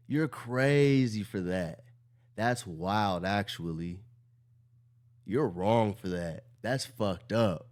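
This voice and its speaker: A man streaming a reaction to a clip, animated and incredulous, swearing freely. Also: fairly low pitch. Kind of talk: casual reaction commentary.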